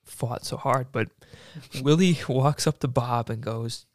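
Young man, casual chat, animated storyteller, loud acted-out quotes, medium pitch, dry close sound. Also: slow, few pauses, no room sound. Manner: animated storyteller, acts out quotes loudly and laughs often.

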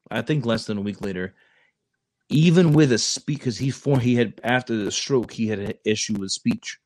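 A man's voice: mid-range voice, no echo. A man, a Marine recruiter talking on a casual podcast, rambling and restarting his sentences often. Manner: rambling, with many restarts and stammers.

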